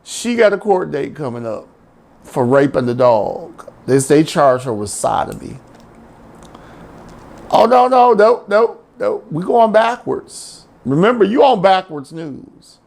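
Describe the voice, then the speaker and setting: A man hosting a satirical news rant show, telling a story in an animated, drawling, exclamatory way. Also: on the high side, measured pace, gravelly. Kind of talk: comic rant.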